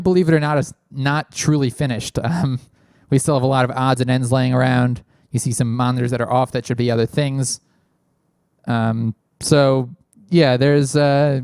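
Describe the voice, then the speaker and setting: This podcast host is a man whose smooth, darkish voice sits at a medium pitch. Rambling loosely and leaning on fillers, he runs a casual call-in show close on a big studio microphone in a small room, with no room sound at all.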